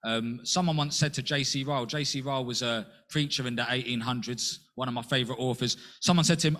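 Man preaching a sermon, earnest, lots of rhetorical questions, voice jumps up high for quotes. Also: fast talker, few pauses, fairly bright tone. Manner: earnest, with rhetorical questions and sudden rises in pitch.

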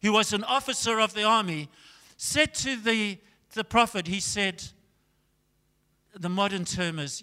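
Male preacher with a high voice, telling the story with dramatic loud-to-soft swings, in a reverberant church hall. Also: unhurried, smooth. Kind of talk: sermon.

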